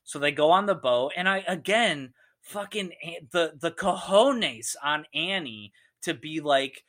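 Rambling, animated guy telling a story. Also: on the high side, measured pace. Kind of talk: casual movie chat.

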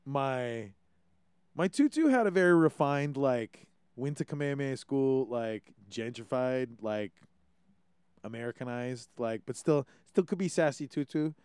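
A man from Hawaii, hosting a casual podcast chat in an animated, swearing way. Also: medium pitch, measured pace, clear, resonant tone, no echo. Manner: animated, swearing, many restarts. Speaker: podcast host.

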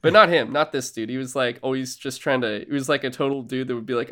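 A male podcast co-host talks casually about a game he finished. He recaps the plot and slips into quick character voices along the way. His voice sits at a middle pitch. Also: a bit bright. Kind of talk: casual chat.

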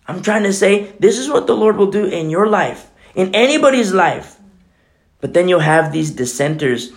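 A middle-aged man preaching a sermon as pastor, swinging between loud exclamations and hushed, near-whispered prayers. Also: high voice, expressive, normal speed.

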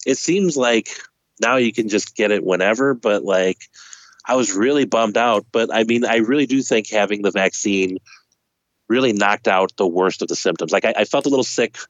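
A man co-hosting a podcast in casual chat, telling stories in a chatty, animated way with lots of restarts. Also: on the low side, moderate pace, no room sound, lo-fi sound. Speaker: podcast co-host.

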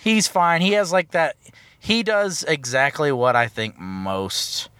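A man's voice: on the high side, slow, pushed and bright, clear, resonant tone, no room sound. A man chatting casually about a film on a podcast, rambling and joking, recorded in a car. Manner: rambling, joking, self-correcting. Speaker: podcast co-host. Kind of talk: casual film review chat.

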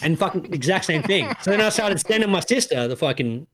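Animated high-voiced man, swearing. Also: a loud crowd. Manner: animated, swears freely, does quick voices in stories. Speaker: podcast co-host. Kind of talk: casual podcast banter.

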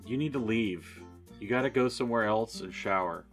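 A man's voice: fairly low pitch, brisk, faint music behind. A man playing a tabletop role-playing game, talking in a blunt, exasperated way. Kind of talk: in-character tabletop role-play.

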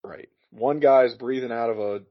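A man's voice: mid-range voice, moderate pace. A man guesting on a podcast, rambling with dry jokes and lots of fillers. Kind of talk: casual live-watch chat. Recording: dull lo-fi sound.

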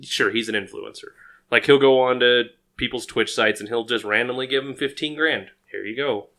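Bright-voiced joking podcast guy. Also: medium pitch, moderate pace. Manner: joking, self-deprecating. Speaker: podcast co-host. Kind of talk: casual podcast chat.

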